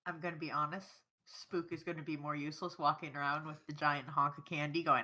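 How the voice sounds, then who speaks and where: A woman's voice: low voice, flat delivery, fairly quick, pushed and bright. A woman player chatting casually at a tabletop game, dry and offhand.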